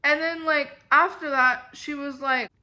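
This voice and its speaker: A young woman tells a long, meandering story about bad jobs, filling every pause with "like" and "um". Her voice sits high and bright. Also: steady tone. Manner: rambling, filler-heavy storytelling. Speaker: vlogger. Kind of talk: storytime vlog.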